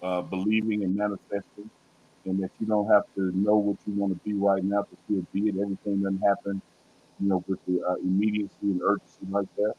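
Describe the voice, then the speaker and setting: A man co-hosting a casual sports talk show, talking with emphatic, animated energy and teasing his co-host. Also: lowish voice, a little fast, breathy edge, narrow, tinny audio.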